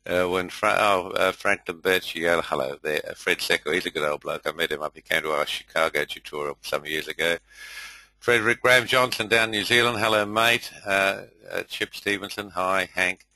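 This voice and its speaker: Older man, very low, bright voice. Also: moderate pace, no room sound, rough recording. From India. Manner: rambling, many fillers, friendly roll call. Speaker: host. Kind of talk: casual webinar welcome.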